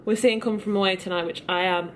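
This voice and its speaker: A woman's voice: mid-range voice, steady tone, quick pace, a crowd in the background. A woman chatting to a handheld camera, giggly and hesitant with lots of ums. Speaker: friend on the trip. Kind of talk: casual chat to camera.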